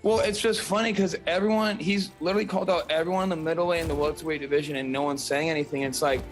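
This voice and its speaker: A young man with a Northern California accent, a fighter being interviewed, talking in a relaxed, slangy way with lots of fillers. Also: fairly high pitch, racing, soft background music, low-quality recording. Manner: laid-back, slangy, rambling with fillers. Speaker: fighter, guest. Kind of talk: casual interview.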